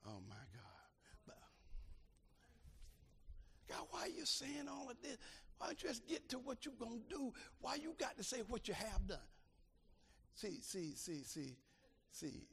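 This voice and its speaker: Older male preacher, bright and tense tone, shouts his points then drops low and chatty. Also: expressive, normal speed, creaky, a little hiss or hum. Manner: preaching with shouted climaxes and quiet asides. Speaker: pastor. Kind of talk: sermon.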